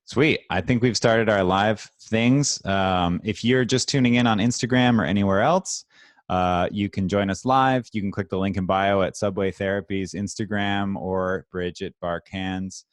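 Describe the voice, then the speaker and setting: Low-voiced man hosting a video call. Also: normal speed, dry recording. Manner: upbeat, scattered, self-interrupting. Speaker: host. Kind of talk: casual livestream chat.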